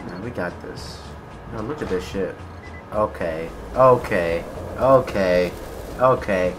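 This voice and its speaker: A young man giving gameplay commentary, swearing, swinging between low mutters and raging shouts. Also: a little slow. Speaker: gaming video creator.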